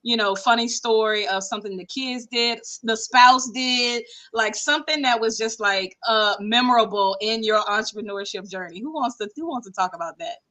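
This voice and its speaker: A woman hosting a casual panel podcast, talking in a lively, conversational way. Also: a little high, normal speed, few pauses. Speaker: podcast host.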